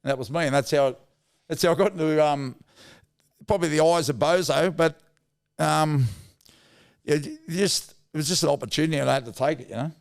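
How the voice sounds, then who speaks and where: Gravelly Australian bloke spinning yarns. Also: male voice, a little high, fairly quick, long pauses. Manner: blunt, laddish yarn-telling with slang and swearing. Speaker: guest, former rugby league player. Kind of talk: casual storytelling interview.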